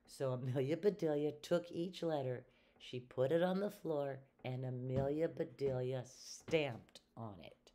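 Older female retired teacher, children's read-aloud, low, warm, unhurried narration.

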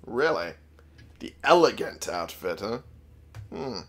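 A man's voice: on the low side, very animated, slow. A man casually commenting on a game he is playing, goofy and joking, swearing freely. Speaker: let's play gamer.

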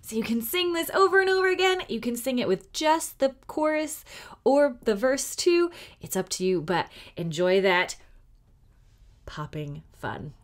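Slow, lively children's librarian woman. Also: a little high. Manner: gentle, encouraging, speaking to young children. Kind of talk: children's storytime reading.

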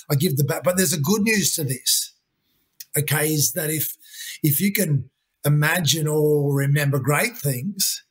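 A man's voice: a little high, slightly rough. A man, a guest coach talking earnestly in an interview, often saying "you know" and "mate". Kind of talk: conversational interview talk.

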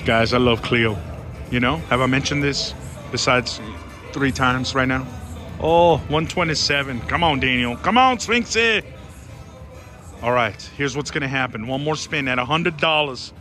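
A man giving excited running commentary on a slot machine as he plays, talking to his viewers and pleading with the machine, on a casino floor. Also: medium pitch, moderate pace. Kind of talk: casual live commentary while gambling. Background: casino music.

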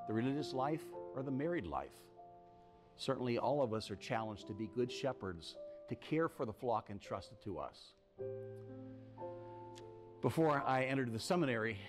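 A man, a parish priest, giving a short homily and telling a story with slow, emphatic phrasing. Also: mid-range voice.

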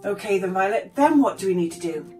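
A woman presenting a children's craft and breathing session, speaking warmly and directly to the children. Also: mid-range voice, brisk, soft background music. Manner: warm, lively, addresses children directly. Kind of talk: friendly children's activity lesson.

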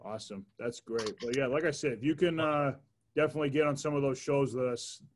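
A man's voice: medium pitch, fairly quick, a little hiss or hum. A man hosting a podcast interview, chatting casually and enthusiastically, leaning on "like" as he talks. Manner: rambling, heavy use of "like", enthusiastic. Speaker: podcast host.

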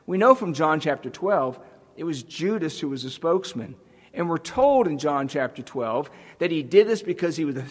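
A man's voice: a little high, a bit bright, long reverb tail. A man preaching a sermon as pastor, earnest and emphatic, building intensity as he goes. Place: church sanctuary.

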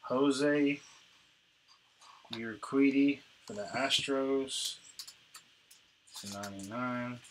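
A man's voice: medium pitch, slight background noise, rough recording. A man hosting a card break, casually opening packs and reading out player names and teams. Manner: relaxed, reads out names and teams in a quick list.

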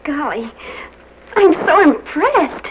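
A wide-eyed 1950s housewife, gushing with admiration in a very high voice. A loud hiss runs under the muffled old film soundtrack. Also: female voice, big pitch swings, slow, full character voice.

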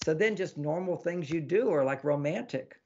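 A man, an author of relationship books, giving casual advice as a podcast guest, animated and fond of acting out little quoted exchanges with a laugh. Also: fairly high pitch, moderate pace, dull audio, a little hiss or hum. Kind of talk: casual advice talk in an interview.

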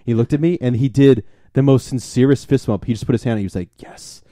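A young man talks fast, rattling through a convention story and acting out each exchange. His voice is dark and mellow, recorded close and dry with no room sound. He swears freely and keeps the casual chat going. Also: mid-range voice, no room sound. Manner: excited storyteller, swears freely, acts out quotes. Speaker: podcast co-host.

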